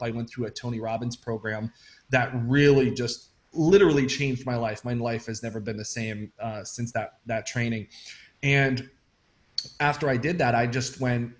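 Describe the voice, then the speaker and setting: A man from Fall River, Massachusetts, telling his story in a casual interview, lively and often calling the host "man". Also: mid-range voice, roomy sound.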